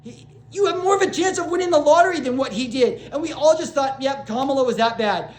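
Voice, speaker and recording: A woman's voice: high-pitched, a little fast. A woman vlogger ranting to camera in a rambling, agitated way, restarting sentences, swearing and apologizing to her viewers. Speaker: small-channel vlogger. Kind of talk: unscripted rant to camera. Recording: roomy echo.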